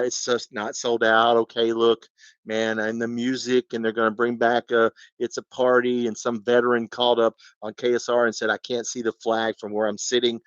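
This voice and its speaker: A man's voice: medium pitch, dry recording. Man in his fifties, live-stream sports rant, rambling, dry muffled mic. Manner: ranting, rambling, rhetorical questions. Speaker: fan channel host.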